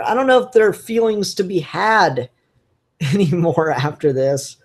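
A comic book reviewer talks through the issues in a loose, chatty solo review. The pace is slow and easygoing, with frequent fillers and restarts. The enthusiasm comes through as casual and unpolished. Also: mid-range voice, expressive.

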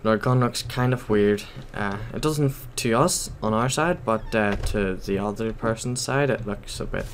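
A man's voice: fairly low pitch, moderate pace, hardly any pauses, slight background noise. A man giving casual gameplay commentary while playing at his computer, rambling and hesitant, full of ums and self-corrections. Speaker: gaming YouTuber.

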